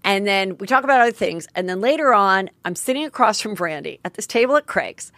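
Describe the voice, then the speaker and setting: A woman's voice: mid-range voice, animated, fairly quick, a bit bright, no echo. A middle-aged woman hosting a podcast, telling a story in a candid, chatty, self-mocking way with some swearing. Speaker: podcast host. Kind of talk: casual storytelling monologue.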